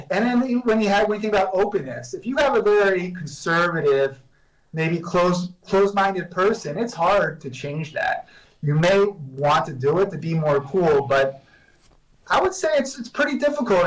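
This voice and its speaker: A man talking as a guest professor on a video call, measured and explanatory with frequent restarts. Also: fairly high pitch, far from the mic, poor audio. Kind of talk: remote interview answers.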